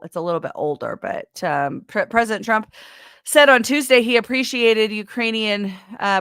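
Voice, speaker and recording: A woman co-hosting a news talk show, reading stories and tossing in sarcastic jokes. Her pitch sits in the middle of the range, and she often trails off while hunting for the next item. The recording is dry and close. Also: fairly bright tone, smooth, no room sound. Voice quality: sarcastic, jokey, trails off when searching. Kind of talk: casual news commentary.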